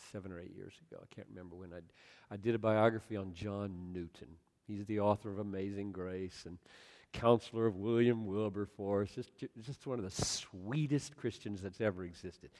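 A man in his sixties preaching a sermon, emphatic and swinging up to loud, impassioned bursts. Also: on the low side. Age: 60s. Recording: echoey hall with long reverb.

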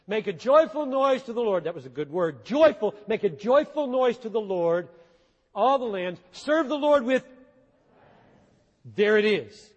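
A man preaching a sermon with earnest intensity, swinging between hushed, low passages and sudden emphatic bursts. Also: sing-song, measured pace, dull audio. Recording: long hall reverb.

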